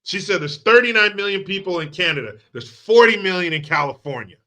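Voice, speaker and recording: A crude, sarcastic man hosting a commentary channel and ranting about politics with plenty of swearing and mockery. His voice is a little high and bright. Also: expressive, fairly quick. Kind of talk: profane political rant.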